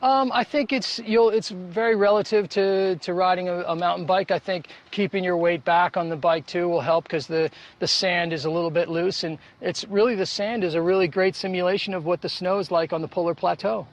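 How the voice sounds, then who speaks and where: A man guiding and coaching a rider outdoors on a beach, talking in a relaxed, encouraging way with small restarts. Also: high-pitched, brisk, few pauses. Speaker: polar expedition guide. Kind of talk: casual coaching on location.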